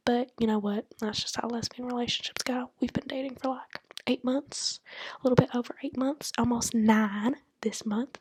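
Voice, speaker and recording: A nineteen-year-old woman rambling candidly into her laptop at home late at night, mostly in a hushed whisper, joking at her own expense. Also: on the high side, husky. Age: 19, turning 20. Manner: rambling, candid, self-mocking. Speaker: college student podcaster. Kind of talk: casual late-night monologue. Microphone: laptop mic.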